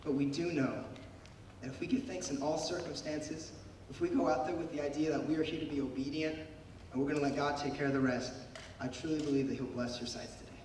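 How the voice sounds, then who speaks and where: A man's voice: fairly high pitch, fairly even intonation, fast, darkish tone, a little hiss or hum. A man who is losing his voice, giving a devotional talk to a group of young people, telling a story and asking the crowd questions. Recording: echoey hall, speaker far from mic.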